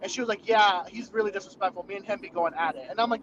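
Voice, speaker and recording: A man's voice: high-pitched, fast. A young man telling rambling, profane work stories in casual chat, full of fillers. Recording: muffled lo-fi recording with clear background noise.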